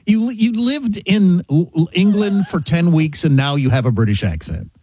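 A man's voice: high voice, animated, normal speed, dark tone, breathy edge. A man co-hosting a radio talk show, telling stories in a sardonic way. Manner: sardonic, storytelling. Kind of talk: casual radio banter.

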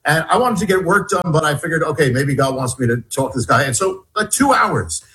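A man talks as a guest on an interview show, recounting events in a loose, halting way. His voice sits a bit high for a man. He often restarts mid-sentence and repeats words before pushing on. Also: lively intonation, fairly bright tone, rough recording. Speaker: guest author. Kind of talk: storytelling in a conversational interview.

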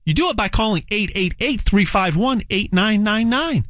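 Man, sales pitch, repetitive, stammering restarts, animated pitch, dry recording. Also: normal speed, no echo. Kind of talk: direct-to-camera sales pitch.

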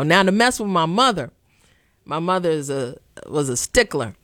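A woman's voice: lowish voice, lively intonation, normal speed, a bit bright, no room sound, clean studio sound. A woman hosting a podcast, giving casual political commentary with sarcastic, playful asides. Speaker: podcast host.

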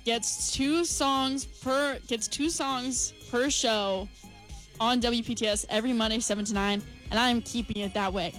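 A woman's voice: on the high side, unhurried, fairly bright tone, faint music behind. A woman co-hosting a college radio show, chatting in a bubbly, playful, rambling way from the studio. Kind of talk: casual on-air radio chat.

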